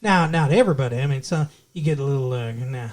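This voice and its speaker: A man's voice: mid-range voice, fast talker. A man co-hosting a podcast, chatting jokily and rambling as he recaps a TV episode. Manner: jokey, rambling, slips into put-on accents and quoted voices. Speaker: podcast co-host. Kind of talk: casual chat recapping a TV episode.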